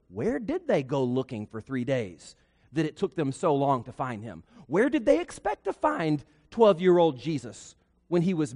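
A man preaches with a high, lively voice that rises and falls sharply. He leans on folksy humor and rhetorical questions. His words ring out with a long reverb, like a church sanctuary. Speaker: pastor. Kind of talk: sermon.

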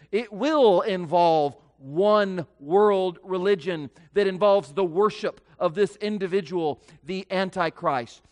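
A man preaching a sermon as pastor, slow and emphatic with dramatic pauses. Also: sits high, a bit bright.

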